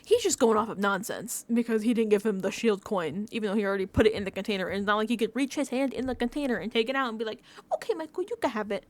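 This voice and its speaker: A woman's voice: medium pitch, rapid-fire, hardly any pauses, no room sound. Exasperated woman ranting in a dry room. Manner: exasperated, animated ranting with frequent laughs and mimicked quotes; chatty, many fillers like "like". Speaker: TV recap vlogger. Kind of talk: casual reality-show recap rant.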